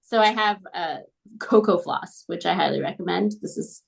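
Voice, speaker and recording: A woman's voice: lowish voice, moderate pace, creaky. A woman talking casually about a lesson she had as a student, with many fillers. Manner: chatty, full of fillers like "like" and "um". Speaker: former student. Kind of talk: casual conversation.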